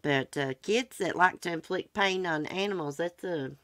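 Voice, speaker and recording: A woman's voice: fairly low pitch, moderate pace, a bit bright, dry recording, clean studio sound. A middle-aged woman, hosting her channel and telling folksy stories in casual chat. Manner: chatty, folksy storytelling. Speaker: channel host.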